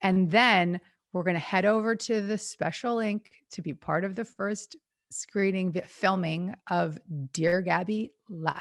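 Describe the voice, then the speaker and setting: A woman's voice: on the low side, a little slow, no echo, studio quality. A woman in her forties hosting a spiritual advice show, teaching about surrender and then greeting her live viewers on a video call. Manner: gushing and excited when greeting viewers. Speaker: podcast host, spiritual teacher. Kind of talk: motivational talk, live stream chat. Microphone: video call recording.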